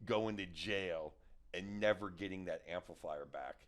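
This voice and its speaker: A man's voice: deep voice, unhurried, a crowd in the background. A middle-aged man, a guest comedian, telling rambling stories in casual chat and acting out what people said. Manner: rambling, restarts and acts out quotes. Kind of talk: casual storytelling.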